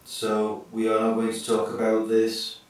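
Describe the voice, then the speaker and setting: A man's voice: lowish voice, completely flat delivery, unhurried, noisy background. A man chatting casually in a comedy vlog, self-deprecating and chatty. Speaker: vlogger.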